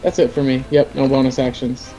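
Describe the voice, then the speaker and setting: A man's voice: mid-range voice, flat delivery, a little fast, warm tone, dull audio, soft background music. A man playing in a tabletop game, making joking asides about his dice rolls. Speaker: player. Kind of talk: casual tabletop game chat.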